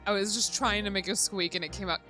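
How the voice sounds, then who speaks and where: A woman's voice: mid-range voice, bright, forceful tone. A woman streamer chatting casually while playing, laughing often and swearing freely. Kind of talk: casual game-stream chat. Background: background music.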